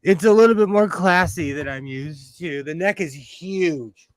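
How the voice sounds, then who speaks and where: A man's voice: a little high, unhurried, dry recording, clean studio sound. A middle-aged man hosting a casual sewing livestream from home, chatty and self-mocking, reading chat questions aloud.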